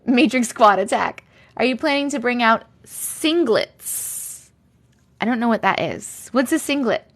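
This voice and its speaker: A woman's voice: a little high, measured pace. Chatty Long Island woman on a livestream. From Long Island, New York. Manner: chatty, animated, lots of likes and giggles. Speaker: livestream host. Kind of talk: casual live chat reading comments.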